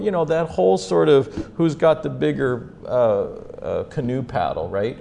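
A man preaching a sermon as a humorous story, acting out the scenes with big jumps in pitch and loudness. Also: animated, moderate pace, vocal fry, few pauses.

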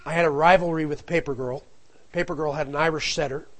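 A man's voice: fairly high pitch, fairly even intonation, quick pace, low-quality recording. A middle-aged man telling a family anecdote in a casual, rambling way, full of asides. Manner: rambling, digressive, with frequent asides. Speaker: storyteller.

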